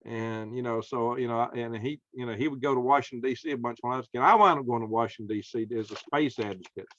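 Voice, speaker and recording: A man's voice: mid-range voice, quick pace, fairly bright tone, no echo, lo-fi sound. A man with a Southern American accent, hosting a casual conversation in a folksy, emphatic storytelling manner. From Southern United States. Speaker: podcast host.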